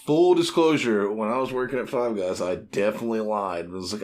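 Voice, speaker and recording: A man, co-hosting a podcast in casual chat, animated, swearing and acting out quotes. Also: lowish voice, brisk. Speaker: podcast co-host.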